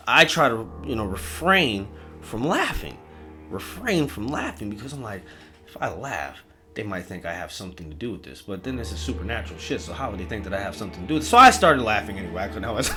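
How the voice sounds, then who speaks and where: Animated, foul-mouthed male storyteller. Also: mid-range voice. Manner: animated, profane, acts out every character. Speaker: storyteller host. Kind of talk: comic storytelling.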